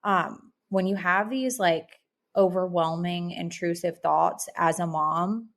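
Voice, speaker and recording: Podcast co-host, woman in her thirties, low and gravelly, reflective and rambling. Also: takes it slowly. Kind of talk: casual podcast chat.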